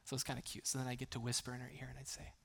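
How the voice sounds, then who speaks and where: A male pastor preaches conversationally, restarting often and tossing in playful asides, with humor between his earnest points. He swings from hushed, near-whispered lines to loud, emphatic bursts. His medium-pitched, gravelly voice comes rapid-fire and completely flat in delivery.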